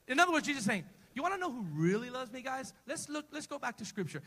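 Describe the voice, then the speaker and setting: A man's voice: very high-pitched, sing-song, fast, few pauses, pushed and bright, breathy edge, long reverb tail, low-quality recording. A man preaching a sermon as pastor in a church, emphatic and repetitive, calling on the congregation to answer back. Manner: emphatic call-and-response preaching.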